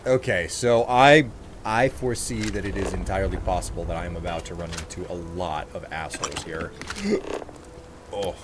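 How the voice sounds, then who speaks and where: A man's voice: low-pitched, steady tone, fairly quick, noisy background. A man streaming a game, giving casual, sarcastic commentary and poking fun at himself. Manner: sarcastic, joking, self-mocking.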